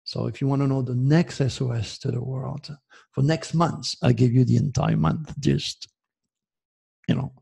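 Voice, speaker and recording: Slow gravelly French-accented man. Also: mid-range voice, warm tone. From France. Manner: emphatic, insistent, repeats himself. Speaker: astrologer host. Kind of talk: self-promoting monologue.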